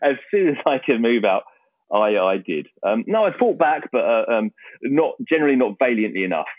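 A man with an Essex accent, a guest in a casual podcast chat, self-deprecating and quick to laugh, often restarting his sentences. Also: medium pitch, sing-song, no room sound. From England. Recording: dry, tinny phone-like line.

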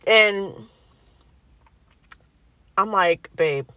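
A woman's voice: medium pitch, extremely slow, pushed and bright, dry recording. Young woman, casual storyteller, acts out every quote, dry close sound, mid-range voice. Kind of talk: casual chat.

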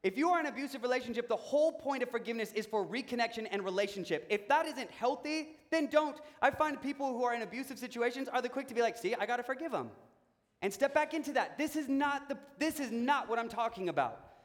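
A young adult man preaching a sermon, telling stories about himself in a relaxed, joking way. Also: very high voice, fast talker. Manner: conversational, self-mocking storytelling. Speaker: pastor. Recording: long reverb of a large hall.

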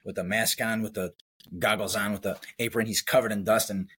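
A man's voice: fairly low pitch, fairly even intonation, a little fast, a bit bright, breathy edge. A man, a guest who works at a body shop, telling stories in casual chat and acting out customers. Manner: storytelling, acts out customers, laughs easily.

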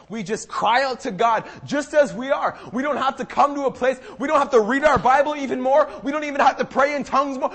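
High-voiced young man preaching. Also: fairly bright tone. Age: young adult. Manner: emphatic, impassioned, repeats phrases. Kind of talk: sermon. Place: church service.

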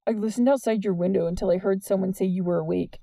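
Read by a woman, this is an earnest, wordy teenage boy speaking softly, plainly and sincerely. The tone is very dark and mellow without any brightness, medium in pitch, steady, quick and creaky. The dry, close recording feels like a storybook reading.

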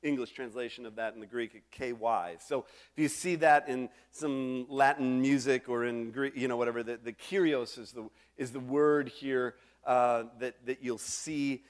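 A man's voice: mid-range voice, fairly even intonation, normal speed, few pauses. A middle-aged male pastor preaching a sermon in a conversational way, full of restarts and asides to the congregation.

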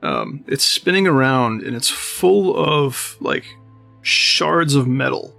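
A man's voice: medium pitch, animated, slow pace, creaky, sharp tone, soft background music. A man narrating as game master of a tabletop game, describing scenes in a meandering way with many fillers.

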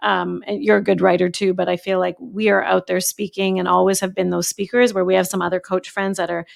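A woman coach talking as a podcast guest, animated and acting out her own inner thoughts in quotes. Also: on the low side, fairly quick, gravelly. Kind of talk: casual podcast conversation.

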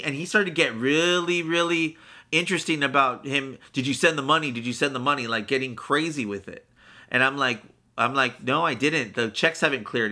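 A man with a very bright, forceful voice tells a story in casual podcast chat. He rambles and swears freely, slipping into quick impressions of the people involved. His pitch sits in an ordinary middle range. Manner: rambling and candid, with frequent fillers and swearing; animated, acting out other people's lines. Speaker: podcast co-host.

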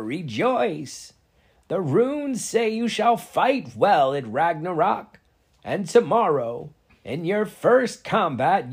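A man doing an ancient, stooped seer woman who speaks in a high, drawn-out, solemn voice. Her pronouncements come slowly and loudly, carried on a husky tone. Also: heavily acted. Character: ancient stooped female seer, proclaiming fate.

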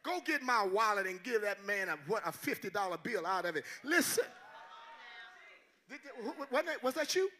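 An older man preaching a sermon as a guest pastor, shouting in call-and-response. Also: high-pitched, big pitch swings, moderate pace.

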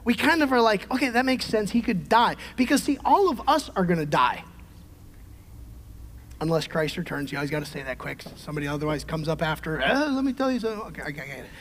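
A middle-aged male pastor preaching a sermon, emphatic, swinging from shouted peaks to quiet conversational asides. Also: a little high, expressive, a little fast, slight background noise. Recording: long hall reverb.

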